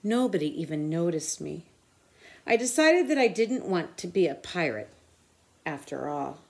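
Woman reading a kids picture book out loud, lively ups and downs, storyteller voice. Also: fairly low pitch, a little slow, gravelly. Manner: expressive storytelling. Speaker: tutor. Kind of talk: children's picture book read aloud.

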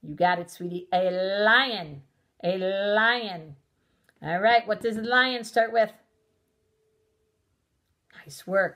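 A woman teaching a recorded phonics lesson to young children, sounding out letters slowly and praising them warmly. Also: medium pitch, expressive. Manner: encouraging, sing-song, sounds out letters slowly. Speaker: preschool teacher.

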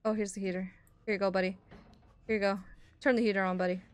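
A woman's voice: medium pitch, level tone, quick pace. A young woman gaming streamer giving casual let's play commentary, playful and self-mocking, with frequent exclamations.

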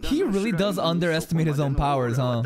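A man's voice: fairly high pitch, animated, quick pace. A young man streaming a reaction, who swears and talks back to the screen. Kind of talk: live reaction commentary. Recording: anime music under the voice. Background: anime soundtrack playing.

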